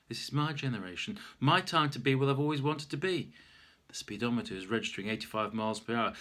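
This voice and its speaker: A man's voice: lowish voice, brisk, a bit bright. Wry man reading his own story. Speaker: author reading his memoir.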